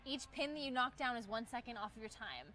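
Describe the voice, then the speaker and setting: A woman interviewing a tennis player in a quick-fire quiz segment, talking in a bubbly, encouraging way. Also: fairly high pitch, pushed and bright, soft background music. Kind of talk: upbeat sports quiz segment.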